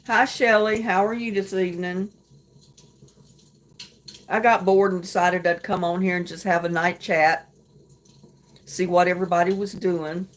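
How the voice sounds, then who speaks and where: A middle-aged woman hosting a casual late-night livestream chat, greeting viewers and talking about her day in a homey way with soft laughs. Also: lowish voice, steady tone, measured pace, long pauses. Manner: chatty, homey, laughs softly between remarks. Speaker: livestream host. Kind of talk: casual live chat reading comments.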